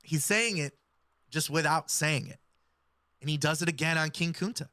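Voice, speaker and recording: A man's voice: a little high, moderate pace, pushed and bright, no room sound, studio quality. A man giving earnest, explanatory hip-hop commentary and breaking down lyrics. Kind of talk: analytical commentary.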